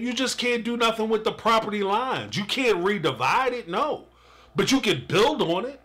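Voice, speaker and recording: A man's voice: sits high, a bit bright. Fired-up man ranting through a reaction. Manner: fired up, ranting and laughing, talks straight at the viewer. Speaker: live-stream reaction host. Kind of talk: animated reaction commentary.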